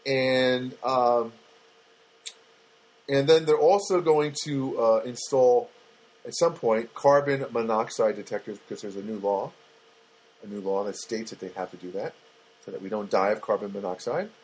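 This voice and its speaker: A comedian talking alone on his podcast in a slightly husky, mid-pitched voice. He wanders from story to story with fillers and restarts, in a wry, self-mocking manner. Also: moderate pace, darkish tone. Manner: rambling, self-deprecating, many fillers and restarts. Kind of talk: rambling comic monologue.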